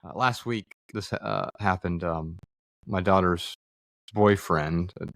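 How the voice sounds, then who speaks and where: A man in his forties, appearing as a podcast guest, tells a personal story earnestly and reflectively, acting out quoted dialogue and using frequent fillers. His voice sits low, gravelly and a bit bright, and he speaks slowly. The recording has no echo, in a studio room with other people present.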